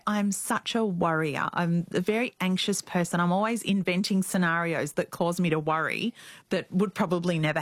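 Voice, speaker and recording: A middle-aged woman, an interview guest, telling a deeply personal story in an earnest, reflective way. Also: dry recording. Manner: reflective, earnest, speeds up and slows down.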